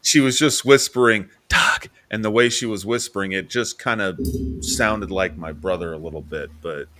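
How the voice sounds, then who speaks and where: A man's voice: fairly low pitch, normal speed, a bit bright. A man hosting a podcast, telling a story in a rambling, self-correcting way. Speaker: podcast host. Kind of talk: casual storytelling chat.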